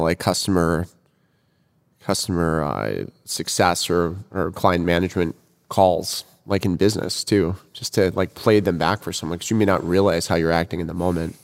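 A man interviewing a guest, thinking aloud with halting phrasing. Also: sits low. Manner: halting, uses fillers while thinking aloud. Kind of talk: conversational interview questions. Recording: long room reverb.

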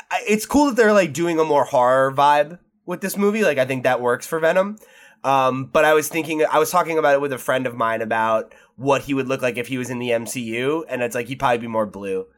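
A man co-hosting a casual podcast in a mid-pitched voice, rambling through his points and filling the gaps with constant likes. He swears casually as he goes. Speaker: podcast co-host. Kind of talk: casual chat.

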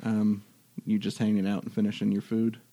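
Low guy game mastering, dry close mic, lots of ums. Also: no echo. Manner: relaxed, halting narration with fillers. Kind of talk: narrating a tabletop game.

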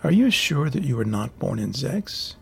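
A man's voice: medium pitch, big pitch swings, normal speed, gravelly, slightly rough, soft background music, heavily acted. A man reading an audiobook voices a sly old hermit who talks down to a younger man in a taunting, condescending way.

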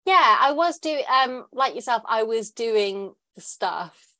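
A woman's voice: on the high side, animated, slow, pushed and bright, dry recording. A woman in her thirties, a writer talking as a podcast guest in a candid, chatty way with many fillers. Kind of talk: casual interview chat.

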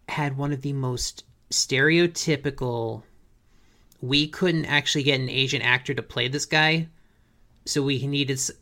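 Bright-toned man recapping a cartoon. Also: medium pitch. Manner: relaxed, summarizing plot with fillers. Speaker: podcast host. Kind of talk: casual chat recapping an episode.

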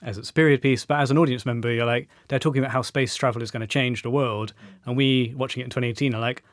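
A man reviewing a film in a casual discussion, brisk and wry. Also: mid-range voice, steady tone, dry recording, studio quality.

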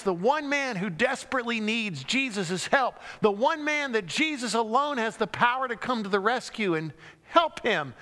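A man's voice: extremely high pitch, pushed and bright. A man preaching a sermon, telling the story dramatically and acting out the cries and crowd lines. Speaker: pastor. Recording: long hall reverb.

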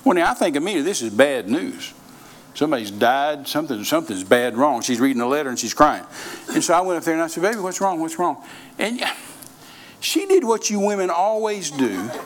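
A man's voice: a little high, very animated, a little fast, slight background noise. A middle-aged man preaching a sermon, telling folksy stories and repeating phrases for emphasis.

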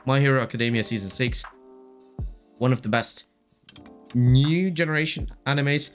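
A man's voice: medium pitch, moderate pace, pauses often, smooth, soft background music. A man hosting a casual solo podcast, gushing and rambling with lots of fillers while his voice keeps cracking. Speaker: podcast host.

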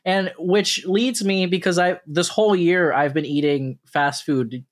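A young man co-hosting a casual podcast, telling animated stories, swearing and acting out dialogue in funny voices. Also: high voice, a little slow. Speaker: podcast co-host. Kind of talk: casual chat.

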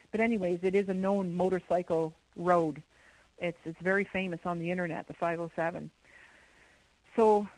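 A middle-aged woman from Canada, a guest in an interview, telling a story in an animated way with many repeated words. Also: fairly low pitch, no room sound, low-quality recording. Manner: animated, repeats words, imitates owl hoots.

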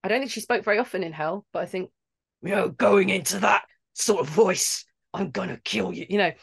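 A woman from London who acts in video games, talking in a casual interview in an animated, rambling way and laughing between thoughts. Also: medium pitch, a little fast, gravelly, husky. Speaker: video game actor guest.

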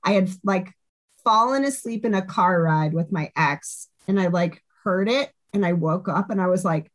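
A woman's voice: fairly low pitch, normal speed. A woman, a hardcore band singer, chatting casually as a podcast guest, laughing often and saying "like" a lot.

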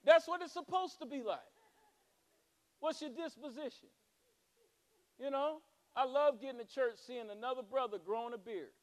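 A man's voice: extremely high pitch, moderate pace, long pauses. A male pastor preaching a sermon with rising fervor and humorous asides.

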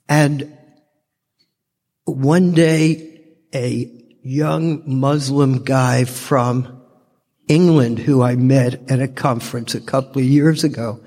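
A man's voice: medium pitch, fairly even intonation, darkish tone. An older man giving a heartfelt personal testimony as a speaker at a recovery fellowship meeting. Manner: slow, heartfelt storytelling. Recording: long reverb from a large hall.

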